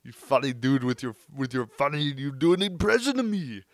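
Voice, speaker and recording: A man putting on a loud, boastful muscleman action star with clipped, broken phrasing. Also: medium pitch, big pitch swings, a little fast, dry recording, studio quality, pitched above the performer's own voice.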